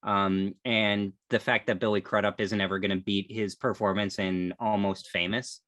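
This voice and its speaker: A man's voice: fairly low pitch, little pitch movement, moderate pace, a bit bright, dry recording, studio quality. A man co-hosting a casual podcast chat, rambling and hedging with lots of "like" and "um". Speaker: podcast co-host.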